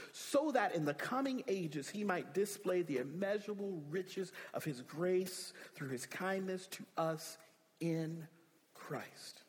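A man's voice: on the high side, long reverb tail. A man preaching a sermon as pastor, emphatic, repeating key phrases with rising emphasis.

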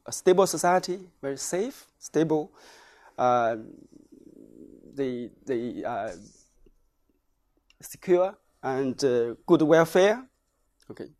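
A man from China speaking English, presenting research findings in a halting lecture style full of hesitations. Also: medium pitch, darkish tone. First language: Chinese.

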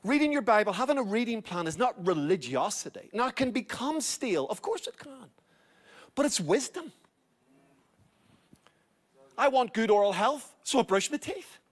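A man's voice: extremely high pitch, big pitch swings, moderate pace, pauses often. A middle-aged male pastor preaching a sermon, urging his listeners and repeating key phrases.

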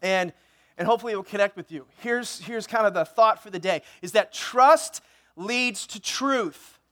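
High-voiced joking pastor. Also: male voice, normal speed. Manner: joking, animated, playful asides. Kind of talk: sermon with comic story. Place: church sanctuary.

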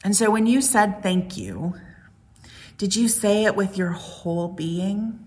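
A woman pastor giving a gentle, reflective sermon, asking the congregation many questions. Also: medium pitch, animated, slow pace.

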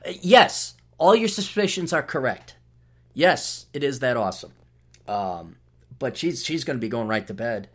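A man's voice: medium pitch, lively intonation, moderate pace, a bit bright. A middle-aged man hosting a podcast, talking in a rambling, sardonic solo monologue with frequent restarts. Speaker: podcast host.

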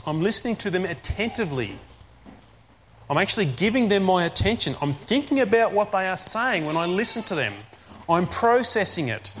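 A man preaching a sermon, repeating key phrases and slowing down to stress commands. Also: high-pitched, fairly bright tone, slight background noise.

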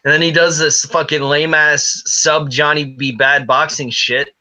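A man's voice: on the high side, flat delivery, a little slow, bright, forceful tone. A man co-hosting a wrestling podcast, chatting casually with crude, profane jokes. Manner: crude, joking, profane banter. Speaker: podcast co-host. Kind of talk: casual chat.

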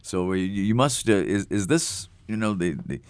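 A man hosting a live talk radio interview, halting with many fillers. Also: lowish voice, expressive, smooth, dry recording, studio quality. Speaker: radio talk show host.

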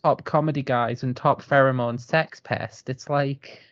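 A man co-hosting a casual wrestling chat, animated and joking, talking in quick bursts. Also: mid-range voice, dry recording. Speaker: podcast co-host. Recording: dull lo-fi sound.

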